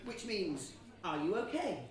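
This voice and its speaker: Woman doing a daft panto lad, bouncy voice, far off in a booming theatre. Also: big pitch swings, unhurried. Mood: playful. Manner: chummy, playful, rallying the audience. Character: Bree, a silly, cheese-loving young man. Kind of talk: stage pantomime, audience participation. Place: theatre stage. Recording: echoey theatre from far off, noisy.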